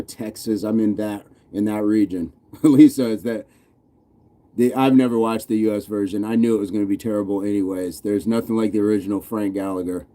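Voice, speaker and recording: An American man with a lowish, warm voice casually hosts a live stream for a fitness channel. He reads viewer comments aloud in a loose, playful way, chuckling often.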